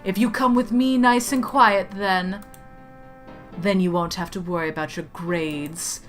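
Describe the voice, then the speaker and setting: A woman voicing a creepy, coercive male professor in a game, speaking in a smooth, hushed, menacing way. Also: mid-range voice, steady tone, measured pace, soft background music, lightly acted.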